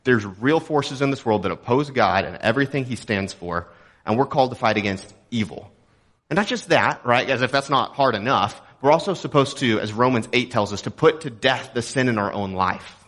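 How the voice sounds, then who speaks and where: A man's voice: medium pitch, lively intonation, moderate pace, fairly bright tone. Joking conversational man preaching a sermon. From Texas. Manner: conversational and joking, with rhetorical questions. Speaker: pastor. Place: church auditorium.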